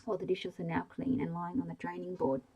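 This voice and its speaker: A woman reading a bedtime story aloud in a soft, hushed ASMR style, slow and even. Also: lowish voice, vocal fry, slightly rough, low-quality recording.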